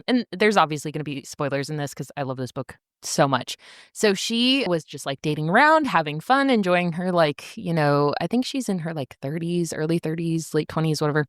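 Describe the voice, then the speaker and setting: A woman's voice: lowish voice, no room sound, studio quality. A woman co-hosting a podcast, chatting enthusiastically and casually, with lots of filler words. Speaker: podcast co-host. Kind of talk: casual chat.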